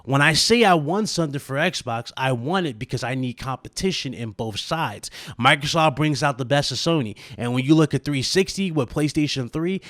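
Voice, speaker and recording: Male gaming vlogger, casual animated delivery, mid-range voice, dry unreverberant recording. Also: medium pitch, dry recording. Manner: animated, conversational, lots of fillers and asides. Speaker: gaming channel host. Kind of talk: casual gaming commentary vlog.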